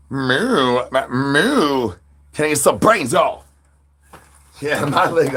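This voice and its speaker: A man's voice: on the high side, fairly bright tone, slight background noise. A man chatting with viewers on a livestream while standing outdoors, playful and full of goofy catchphrases and animal noises.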